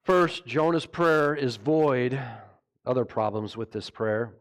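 A pastor preaching a sermon, animated and mocking, firing rhetorical questions at his listeners. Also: mid-range voice, slow pace.

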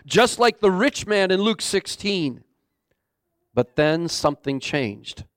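Male pastor, high voice, slow dramatic preaching, dry close sound. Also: animated, dry recording. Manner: dramatic, swings between booming and hushed. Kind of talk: sermon.

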